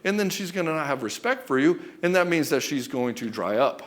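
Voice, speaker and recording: A man's voice: a little high, big pitch swings, fairly quick, a bit bright. Blunt, emphatic man coaching with swearing. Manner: blunt and emphatic, swearing often, addresses listener as brother and dude. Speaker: relationship coach. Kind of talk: direct-to-camera coaching monologue.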